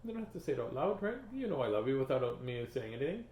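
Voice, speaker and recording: A man's voice: medium pitch, sing-song, quick pace, darkish tone. A man reading children's books aloud as host, with playful, joking asides. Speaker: children's book reader and host. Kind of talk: reading aloud and casual chat. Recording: echoey room.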